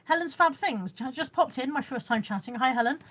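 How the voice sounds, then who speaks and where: A middle-aged woman with a Bristolian accent and a slightly high voice, chatting away to her viewers on a phone livestream. She is chatty and self-mocking and keeps reading out comments from the chat. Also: animated, brisk, a bit bright. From Bristol, England. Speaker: livestream host selling boot sale finds. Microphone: phone camera.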